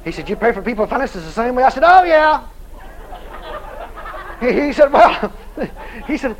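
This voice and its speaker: A man preaching, telling a story with lively dialogue and loud shouted prayers. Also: very high voice, moderate pace, long pauses, some chatter behind, rough recording. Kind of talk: sermon storytelling.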